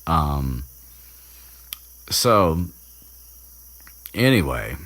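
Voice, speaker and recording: A man retelling a book chapter in casual chat, rambling with many restarts and fillers and dropping into quick voices for the characters. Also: very deep voice, sing-song, a bit bright.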